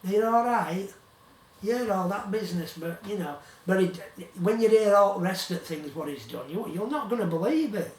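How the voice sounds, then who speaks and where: A man's voice: high voice, lively intonation, a little fast, hardly any pauses. A man with a Yorkshire accent telling a long rambling story in casual talk, often repeating himself. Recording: roomy, distant from the mic.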